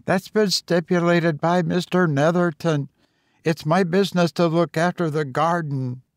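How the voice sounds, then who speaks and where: A man's voice: on the high side, fairly even intonation, measured pace, dry recording, clean studio sound, pitched above the performer's own voice. A man voicing a frightened old gardener who pleads in a folksy rural dialect. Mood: fearful.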